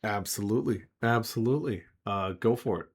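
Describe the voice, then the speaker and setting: A man's voice: fairly low pitch, fairly quick, darkish tone. A man narrating as game master of a tabletop game, with rambling, hesitant descriptions full of fillers.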